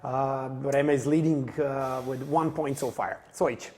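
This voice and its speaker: Male esports desk host, brisk and presenter-like. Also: mid-range voice, fairly even intonation, a little mellow. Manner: brisk, presenter-like, asks questions. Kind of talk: pre-match desk hosting.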